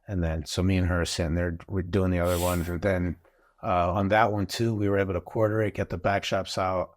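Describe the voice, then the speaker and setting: A man, a father and guest on a podcast, telling a story in a casual, animated way and acting out what people said. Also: sits low, fairly quick. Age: adult father of school-age kids. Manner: animated, acts out quotes in the story.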